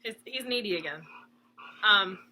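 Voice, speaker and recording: A woman's voice: medium pitch, animated, moderate pace, pushed and bright, slight background noise. A young woman hosting a cross stitch channel, chatting casually and rambling at home, laughing often and talking to her dog. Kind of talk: casual rambling chat to camera. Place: room at home.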